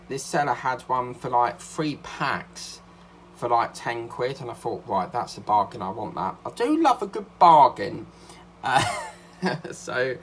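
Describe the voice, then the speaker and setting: A man talks casually to his viewers, rambling with lots of ums and restarts. He sounds a little out of breath, at an average pitch, with faint background noise. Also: fairly bright tone. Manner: rambling, many fillers and restarts. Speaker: craft vlogger. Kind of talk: casual chat.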